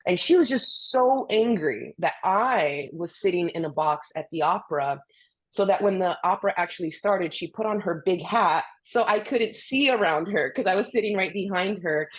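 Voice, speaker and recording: A woman speaker on a video call, telling personal stories in a casual, animated way, full of "you know" and restarts. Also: lowish voice, normal speed. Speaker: guest speaker, orchestra conductor. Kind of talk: casual storytelling on a video webinar.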